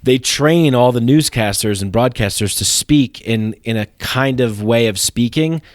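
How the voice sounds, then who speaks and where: A man's voice: medium pitch, measured pace, no echo, studio quality. A man hosting a comedy podcast in casual chat, rambling and profane with many restarts. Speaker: podcast host.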